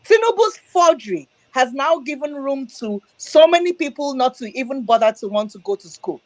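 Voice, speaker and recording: Casting: woman from Nigeria, high voice, dry close sound, passionate political plea. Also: very animated, no room sound, rough recording. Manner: emphatic, slow, emotional. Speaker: speaker in an online audio room. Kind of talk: impassioned political speech. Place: abroad, diaspora.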